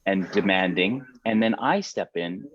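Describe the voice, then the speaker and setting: A fifty-year-old man hosts a casual talk, speaking earnestly and often restarting his sentences. His voice sits on the low side. The sound is dull and lo-fi, as over a video call. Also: expressive, fairly bright tone. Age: 50s. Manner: earnest, halting, with many restarts. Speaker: podcast host. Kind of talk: casual conversation.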